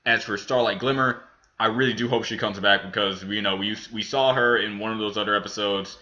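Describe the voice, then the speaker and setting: A man's voice: lowish voice, fairly even intonation, brisk, bright, forceful tone, muffled recording. A man hosting a reaction video, reviewing a cartoon episode in a rambling, casual way with many restarts. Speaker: reaction channel host.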